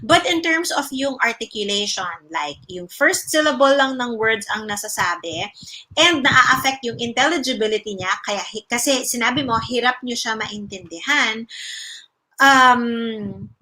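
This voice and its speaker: A Filipino woman hosts a casual livestream and answers parents' questions as a speech-language pathologist. Her voice sits a bit high and sounds bright and forward. She explains things patiently and slips between English and Tagalog. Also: expressive, normal speed, low-quality recording. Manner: explains patiently, demonstrating mouth sounds with emphasis; greets viewers by name.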